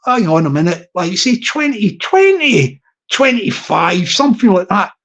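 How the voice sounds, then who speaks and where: A man's voice: sits high, big pitch swings, moderate pace, fairly bright tone. A middle-aged man with a Scottish accent rambles in a casual live-stream chat as host, drifting between topics. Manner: rambling and digressive, with frequent restarts. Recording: slightly dull lo-fi recording.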